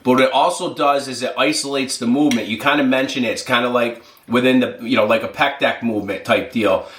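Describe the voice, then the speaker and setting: A man's voice: medium pitch, fairly even intonation, quick pace, fairly bright tone. Man, fitness vlog host, casual, rambling, mouth full, roomy echo. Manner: rambling, filler-heavy, talks with mouth full. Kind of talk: casual vlog chat while eating.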